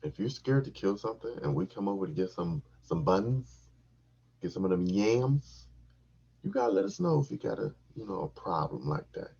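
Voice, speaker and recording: Gravelly, deep-voiced man telling crude stories. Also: normal speed, muffled recording. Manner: animated, crude, repeats himself for laughs. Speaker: podcast host telling a story. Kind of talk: profane comic storytelling.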